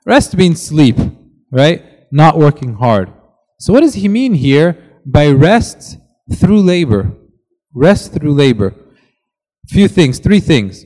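A man's voice: fairly high pitch, big pitch swings, takes it slowly, warm tone, in a large hall, poor audio. A man preaching a sermon in an earnest way, reading scripture aloud with rising emphasis.

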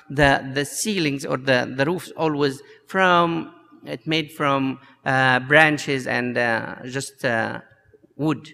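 A man preaching a sermon as a priest, slow and halting with many fillers. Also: fairly high pitch, gravelly, pushed and bright, a little hiss or hum. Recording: long hall reverb.

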